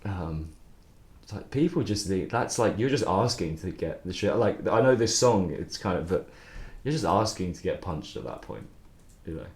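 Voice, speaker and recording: Deep-voiced man chatting loosely. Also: sing-song, moderate pace, a little mellow, echoey room. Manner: rambling, loose, swears, laughs often. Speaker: songwriter streaming his writing process. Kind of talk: casual livestream chat.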